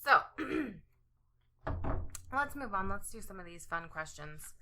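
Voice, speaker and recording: A woman's voice: mid-range voice, lively intonation, takes it slowly, noisy background. A woman in her twenties co-hosting a podcast in casual chat, giggling often and telling stories with animation. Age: 20s. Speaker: podcast co-host.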